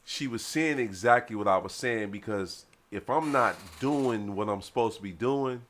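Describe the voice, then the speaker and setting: A man's voice: on the low side, moderate pace, fairly bright tone, slight background noise. A man from Detroit, father of a teenager, co-hosting a podcast in rambling casual talk full of restarts. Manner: rambling, restarts, nudging questions. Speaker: podcast co-host. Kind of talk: casual chat.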